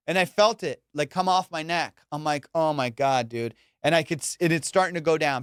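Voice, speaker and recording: A young man hosts his own podcast and tells a story at full tilt, peppering it with "dude" and the odd swear. His voice sits a little high and comes across smooth and clear. The mic is close and dry, with no room sound. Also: fairly quick, no room sound. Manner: animated, swears, says "dude" and "bro" a lot. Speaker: podcast host. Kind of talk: casual storytelling.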